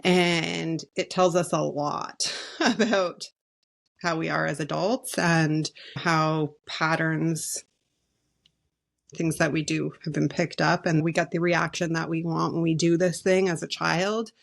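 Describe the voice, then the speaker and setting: A woman's voice: sits low, steady tone, slow pace, vocal fry. A woman co-hosting a podcast in casual chat, with light laughs between her phrases. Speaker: podcast co-host.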